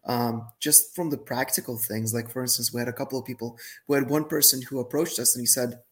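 A man's voice: mid-range voice, steady tone, brisk, fairly bright tone. A man as a podcast guest talking about his business in casual chat, enthusiastic and given to repeating words for emphasis. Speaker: guest, laser accessory business owner.

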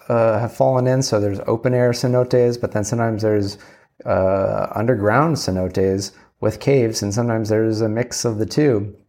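Low-voiced man telling a casual story. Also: darkish tone. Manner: rambling, candid, swears casually, acts out dialogue.

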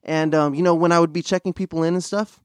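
A young man hosts a podcast, spinning stories in relaxed conversation packed with fillers and restarts. His voice is slightly high, quick and smooth, and his storytelling is animated.

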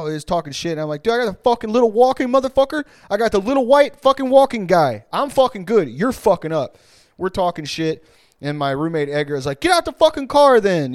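A man hosting a podcast who tells a story in a casual, rambling, profane and animated way. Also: mid-range voice, no room sound, clean studio sound.

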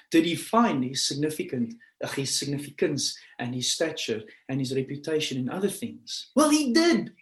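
Pastor teaching scripture in an echoey room. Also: male voice. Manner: rises to loud, high emphasis when preaching; explains word meanings slowly, one phrase at a time. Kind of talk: online Bible teaching.

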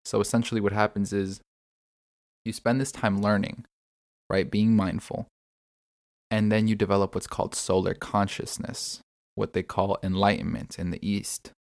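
A man's voice: lowish voice, level tone, moderate pace, creaky, dry recording, clean studio sound. A man hosting a solo podcast, talking reflectively and asking his listeners many questions, often repeating words as he gathers his thoughts. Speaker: podcast host.

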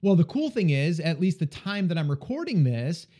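A man's voice: a little high, sing-song, moderate pace, mellow. Casual male podcast host giving advice. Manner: casual, coaching, repeats "okay?" to check understanding. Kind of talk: advice podcast answering listener questions.

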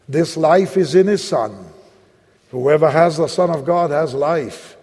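Man, Latin American accent, evangelist preacher, storytelling sermon, warm mellow tone, reverberant hall. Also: fairly high pitch, husky. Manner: storytelling, acts out both sides of dialogue, slows for prayer. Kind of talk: sermon with personal story and altar-call prayer.

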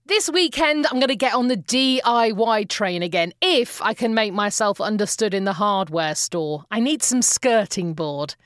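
An English woman hosting a podcast, telling stories in a chatty, amused and expressive way. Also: mid-range voice, moderate pace, few pauses, no echo, studio quality. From England. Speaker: podcast host. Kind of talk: casual storytelling monologue.

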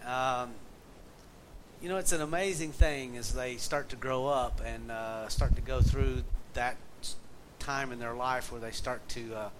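A man's voice: mid-range voice, fairly even intonation, a little slow. A middle-aged man with a Southern accent preaching a conversational sermon, telling a folksy family story and reading scripture aloud. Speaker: pastor. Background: faint air conditioner hum.

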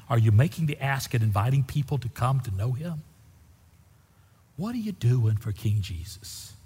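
Preacher guy, husky voice, pitch jumping all over as he tells stories, echoey church hall. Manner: folksy storytelling with lively swings in pitch. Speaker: pastor. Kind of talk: sermon. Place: church sanctuary. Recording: echoey hall with long reverb.

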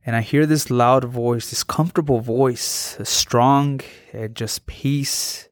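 A man in his thirties telling his life story as an interview guest, earnest and halting, often restarting his sentences. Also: medium pitch, steady tone, no room sound, studio quality. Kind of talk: personal testimony.

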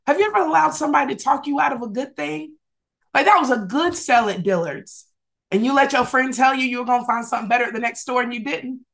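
A woman's voice: high-pitched, fast talker, gravelly, fairly bright tone. A woman teaching a Bible study over a video call, preaching fervently in rhythmic, repeated phrases and calling on listeners to respond. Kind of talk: sermon-style Bible teaching.

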